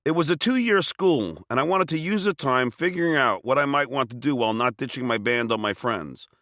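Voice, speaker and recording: A man from Long Island reading his own memoir aloud, telling it with wry, self-mocking humor and bursts of shouted dialogue. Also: medium pitch, expressive, a little fast, dry recording, clean studio sound. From Long Island, New York. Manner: wry, self-mocking comic storytelling with sudden shouted quotes. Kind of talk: audiobook memoir narration.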